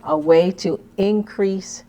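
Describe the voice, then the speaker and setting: A woman's voice: mid-range voice, slow, mellow. A woman guest on a podcast, talking earnestly and encouragingly in casual conversation. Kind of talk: casual chat.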